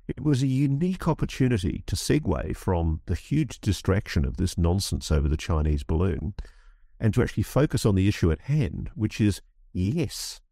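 A man with a deep, gravelly voice argues his case in an interview, his pitch leaping up as he presses each point and restarts phrases. His tone is dark and mellow, and the recording is close and dry. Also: no echo. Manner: impassioned, restarts phrases, rising emphasis. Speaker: guest commentator. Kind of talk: animated interview talk.

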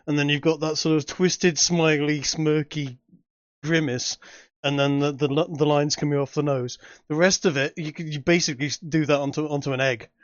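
A man chatting casually as a podcast co-host, animated and quick to laugh. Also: fairly high pitch, no echo. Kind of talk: casual chat. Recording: dry, dull lo-fi audio.

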